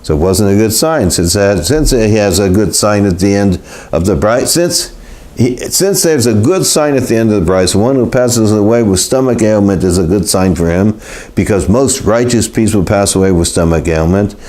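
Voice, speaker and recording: Male teacher, low-pitched, stop-start delivery with constant restarts, classroom lesson. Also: animated, mellow. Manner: halting, repeats words, many restarts. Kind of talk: live Torah class. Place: classroom in Los Angeles.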